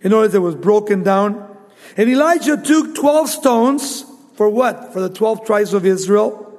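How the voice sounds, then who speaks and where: High-voiced man preaching in a hall. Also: measured pace. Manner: animated storyteller, acts out the quotes. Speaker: pastor. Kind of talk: sermon, Bible teaching.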